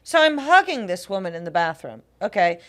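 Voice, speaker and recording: A woman's voice: medium pitch, a little fast. A young woman telling a story in casual podcast chat, laughing often and acting out the people in it. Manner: animated, laughs often, acts out others' voices. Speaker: podcast co-host.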